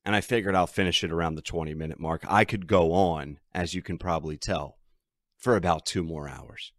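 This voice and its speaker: A man's voice: low voice, a little fast, dry recording, studio quality. A man hosting a sports betting podcast, ranting and emphatic as he talks through his team's troubles. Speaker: podcast host.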